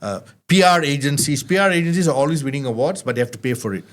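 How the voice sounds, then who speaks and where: Animated man telling stories. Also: a little high, quick pace. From Malaysia. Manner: animated, acts out quoted exchanges. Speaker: guest, awards founder. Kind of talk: casual storytelling in an interview. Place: inside a car.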